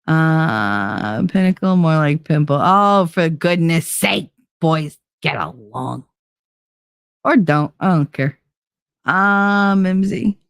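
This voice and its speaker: A woman hosting a livestream, chatting casually with viewers, profane and animated, laughing often. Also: low-pitched, takes it slowly, smooth, no room sound, clean studio sound. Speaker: livestream host. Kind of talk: casual livestream chat reading viewer messages.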